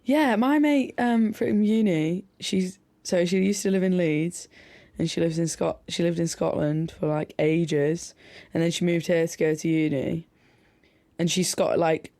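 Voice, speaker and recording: Young podcast co-host, laughing, mid-pitched. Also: a little slow, warm tone, no echo. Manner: short agreeing replies, laughs often. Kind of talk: relaxed casual chat.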